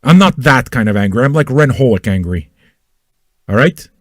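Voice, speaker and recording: A man hosting an independent online radio show, ranting crudely and loudly at his listeners and repeating himself as he goes. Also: mid-range voice, animated, moderate pace, dry recording, clean studio sound. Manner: loud, manic and crude, with yelling and repetition; talks straight at listeners with repeated questions. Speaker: internet radio host. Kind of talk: profane ranting monologue.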